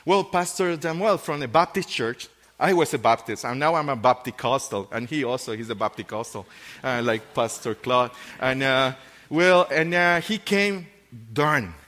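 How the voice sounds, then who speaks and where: Man, pastor, sermon, emotional, halting restarts, mid pitch. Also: fairly bright tone, in a large hall.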